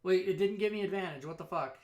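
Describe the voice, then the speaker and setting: A man with a slightly high voice plays a tabletop game. He talks eagerly and is quick to press his case about the rules. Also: a little mellow. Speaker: player. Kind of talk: playing a tabletop game over a voice call.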